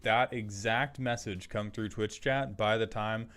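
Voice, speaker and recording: A man hosting a live stream in casual chat, rambling and throwing in quick asides to his viewers. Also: lowish voice, fairly even intonation, fairly bright tone. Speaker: streamer host.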